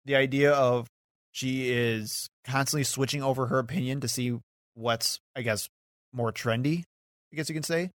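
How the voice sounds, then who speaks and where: A man co-hosting a political podcast in casual chat, talkative and quick to laugh. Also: mid-range voice, fairly even intonation, dry recording, studio quality. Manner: talkative, laughs often, hedging asides. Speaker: podcast co-host.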